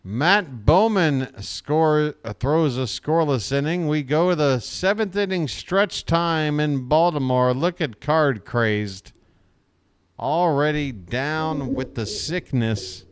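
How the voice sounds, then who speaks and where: Slow, folksy play-by-play man. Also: fairly high pitch, lively intonation, clean tone, no echo, clean studio sound. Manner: folksy, joking, addresses viewers as folks. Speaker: play-by-play host. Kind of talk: live fan play-by-play commentary.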